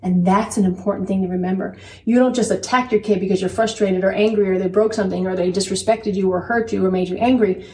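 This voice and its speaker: A woman's voice: mid-range voice, steady tone, fast talker, a little mellow. A woman in her thirties talking earnestly about faith and parenting and telling a personal story, repeating phrases for emphasis. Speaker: podcast co-host. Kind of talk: faith-based parenting chat. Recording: roomy, distant mic, faint background noise.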